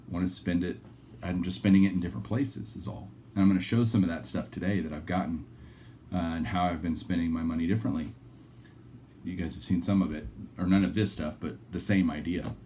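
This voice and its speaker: A man with a deep, low-pitched voice talks casually to his viewers. He rambles, breaking off mid-thought and circling back. A faint hum of noise sits under his voice. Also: dark tone. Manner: rambling, talks in restarts and asides; candid and chatty with viewers. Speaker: card collecting channel host. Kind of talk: casual chat to camera.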